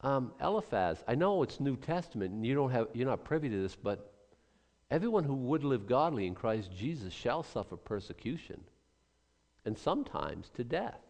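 A man's voice: mid-range voice, big pitch swings, normal speed, darkish tone. An older man preaching a sermon, emphatic, acting out quoted voices and restarting his sentences often. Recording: long reverb of a large hall.

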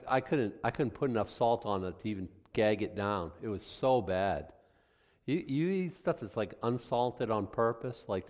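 A man with a fairly low voice teaches scripture in an easygoing, rambling way, breaking off mid-sentence for homely asides. His voice rings with the long reverb of a church hall. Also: a little mellow. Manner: rambling, self-interrupting, folksy asides. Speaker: pastor. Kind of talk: conversational Bible teaching.

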